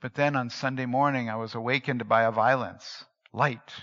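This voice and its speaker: A man tells a story aloud in a bright, sharp voice, shifting from near-whispers to emphatic swells. His reading is dramatic and expressive. The recording sounds muffled and lo-fi, with long reverb from a large hall. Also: medium pitch, normal speed. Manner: expressive, swinging between hushed and emphatic.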